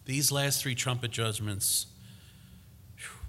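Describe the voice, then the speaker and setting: Male preacher, very bright tone, emphatic teaching delivery with frequent restarts. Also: mid-range voice, steady tone, slow pace, slight background noise. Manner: emphatic, repeats himself with restarts and fillers. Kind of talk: sermon.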